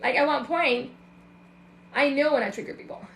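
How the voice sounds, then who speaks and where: Woman coach ranting to her followers, high pitched, echoey room. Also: normal speed, creaky, a little hiss or hum. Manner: emphatic, acts out other people's voices. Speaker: self-love and mindset coach. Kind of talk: casual monologue to an online audience.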